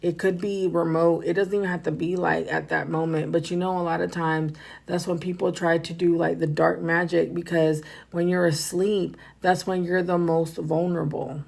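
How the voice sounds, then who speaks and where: A woman's voice: fairly low pitch, little pitch movement, normal speed, gravelly, darkish tone. Woman spiritual reader, loose livestream chat, rambles and repeats, speaks to the viewers directly. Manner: rambling, repeats herself, talks to viewers as "y'all".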